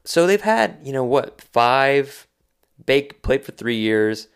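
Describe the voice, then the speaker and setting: A man co-hosting a casual sports podcast, talking in a slangy, animated way and acting out quotes. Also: mid-range voice, takes it slowly, smooth. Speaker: podcast co-host.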